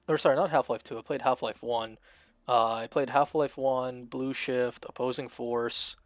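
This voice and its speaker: A man streaming a strategy game, chatting casually and thinking out loud as he plays, with frequent fillers and restarts. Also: mid-range voice, steady tone, measured pace, dry recording. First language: Russian. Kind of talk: casual gameplay commentary.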